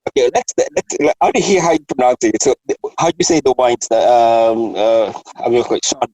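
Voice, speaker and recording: A man hosting a casual chat, animated and laughing often, restarting his sentences. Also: medium pitch, a little fast, no room sound, poor audio. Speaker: host.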